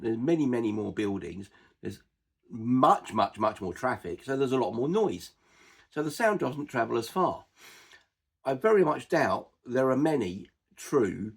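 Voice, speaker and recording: Gravelly man with an Estuary English accent. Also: mid-range voice. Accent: Estuary English, Cockney-like. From edge of East London and Essex, England. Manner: unhurried explaining, with frequent "uh" and "um". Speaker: dialect explainer. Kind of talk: informal spoken lesson.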